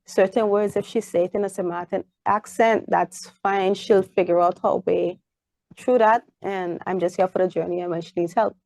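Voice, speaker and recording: A young woman with a Caribbean English accent, chatting as an interview guest and acting out lively stories about her daughter. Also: medium pitch, normal speed, gravelly, no room sound. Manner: animated storyteller, acts out her child's voice. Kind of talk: casual interview chat.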